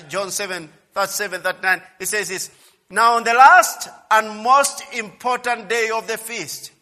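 A high, bright male voice preaching with fervor, dropping low and then rising to near shouts as he repeats his points. His words ring out with a long reverb, as if filling a large hall. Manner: emphatic preaching, swings from quiet to loud, repeats phrases. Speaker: pastor. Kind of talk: sermon.

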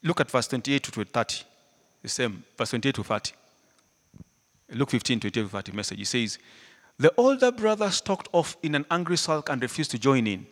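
Animated preacher man in a reverberant hall. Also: mid-range voice, a little fast. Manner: animated, swings from loud to hushed, laughs often. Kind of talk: sermon.

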